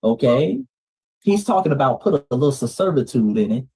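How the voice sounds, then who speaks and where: Southern guy hosting a commentary show, talks emphatic, keeps calling folks family, medium pitch. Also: very animated, fairly quick, darkish tone, breathy edge. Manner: emphatic, repeats "family" to viewers. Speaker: show host. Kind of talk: commentary on news clips.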